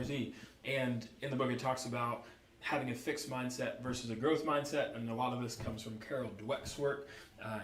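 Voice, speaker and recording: A man in his thirties from the United States, explaining ideas from a parenting book in an earnest, reflective way as a podcast co-host. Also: mid-range voice. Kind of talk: casual book club discussion. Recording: echoey room.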